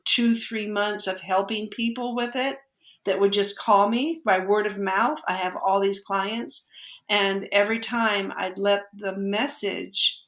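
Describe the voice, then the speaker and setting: A woman guest on a podcast, telling a personal story in conversation and acting out the lines of the people in it. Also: mid-range voice. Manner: lively storyteller who acts out quoted dialogue. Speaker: podcast guest, energy healer. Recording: echoey room.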